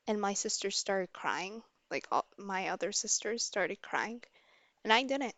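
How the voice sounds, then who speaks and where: Young woman streamer with a candid, halting delivery and a dry close-miked sound. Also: medium pitch, fairly bright tone, no room sound. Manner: candid and halting, with many restarts. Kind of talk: casual personal storytelling.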